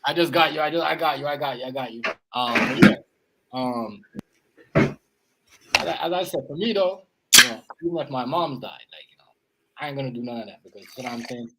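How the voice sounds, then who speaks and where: A man's voice: medium pitch, animated, brisk, very noisy. Rambling man on a casual podcast. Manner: loose, rambling, repeats phrases. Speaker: podcast host. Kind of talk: casual chat.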